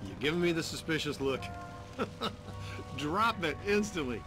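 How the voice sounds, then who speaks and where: A sarcastic, wisecracking ghost hunter in a video game, with a lively, swooping delivery. Game music plays clearly behind him. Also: male voice, on the high side, unhurried. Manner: dry, sarcastic. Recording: game audio over music.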